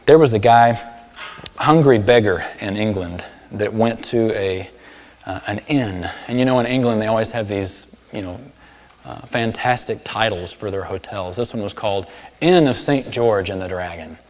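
A man preaching a sermon, telling stories and acting out characters with sudden loud, high outbursts. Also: moderate pace. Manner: storytelling, acts out voices with big swings in pitch and volume. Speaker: pastor. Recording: long hall reverb.

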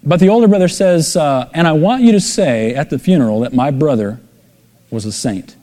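A man's voice: fairly high pitch, moderate pace, warm tone. A middle-aged man preaching a sermon, telling stories and acting out the voices in them with sudden emphatic rises. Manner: storytelling, acts out quoted voices with emphatic rises. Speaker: pastor. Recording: long hall reverb.

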